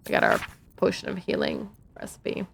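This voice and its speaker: A woman's voice: normal speed, a little hiss or hum. A woman streaming a game, chatting casually and reading in-game notes aloud. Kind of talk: casual gameplay commentary.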